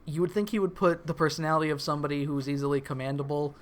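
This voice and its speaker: A man's voice: on the high side, flat delivery, rapid-fire, a little hiss or hum. A man co-hosting a podcast, recapping a cartoon episode in casual, wry chat that often breaks into chuckles. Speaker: podcast co-host.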